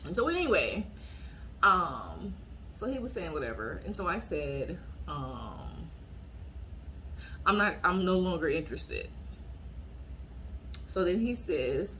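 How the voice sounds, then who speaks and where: A woman vlogger telling a dating story to her viewers in a casual, blunt and animated way, often acting out what she said in a raised voice. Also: lowish voice, slow, long pauses, slight background noise.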